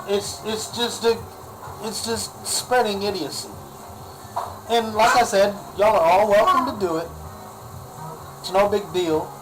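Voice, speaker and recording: A man's voice: sits high, noisy background. Exasperated man ranting into a webcam. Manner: exasperated, sarcastic, repeats himself. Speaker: vlogger. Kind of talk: ranting vlog monologue.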